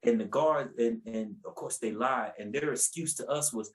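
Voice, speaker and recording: A man's voice: medium pitch, moderate pace, few pauses, low-quality recording. A man telling his personal faith testimony as a podcast guest in a casual, colloquial way, repeating words as he goes and acting out what people said. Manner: animated, acts out quotes with raised voice.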